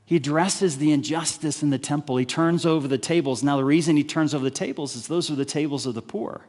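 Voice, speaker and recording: Animated preacher in a reverberant church hall. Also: male voice, on the high side, fast. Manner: animated, rhetorical questions, acts out voices of crowds. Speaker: pastor. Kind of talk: sermon. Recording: live church stream with long hall reverb.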